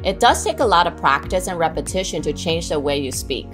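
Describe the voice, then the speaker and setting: A woman giving scripted instruction on English pronunciation, saying example words slowly and clearly to model them. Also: on the low side, lively intonation, music in the background.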